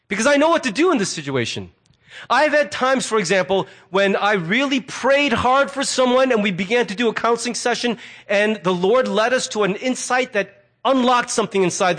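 A middle-aged male pastor delivering a sermon in a loose, conversational way, with a fairly high voice for a man. He slips into quick quoted asides as he talks. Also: a bit bright.

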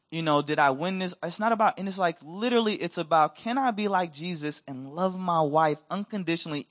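A man preaching a sermon as a missionary, telling stories in a lively conversational way and acting out what others said. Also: high voice. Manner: animated, acts out quoted voices, conversational. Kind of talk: storytelling sermon. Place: church.

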